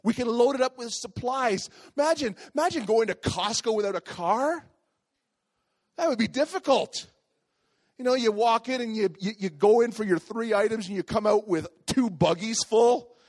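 A middle-aged man telling a lively personal story as a pastor in a sermon. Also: extremely high pitch, moderate pace. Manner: lively, animated storytelling with acted voices.

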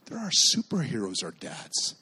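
A male pastor from Canada preaching a sermon, telling stories and acting out the voices in them, and shouting at the high points. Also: wildly swooping pitch, moderate pace, husky. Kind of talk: sermon with storytelling.

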